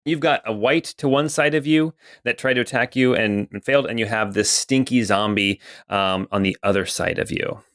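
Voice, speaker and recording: A man narrating as dungeon master in a calm, methodical way, filling pauses with "okay" and "um.". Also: fairly low pitch, no echo, clean studio sound. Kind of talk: narrating a tabletop game.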